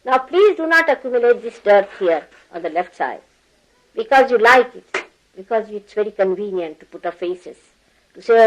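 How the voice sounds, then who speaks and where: A woman's voice: fairly high pitch, big pitch swings, normal speed, rough recording. An older woman giving a spiritual talk to her followers, scolding and teasing them, laughing often and acting out the people she quotes. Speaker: spiritual teacher. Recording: archival talk recording.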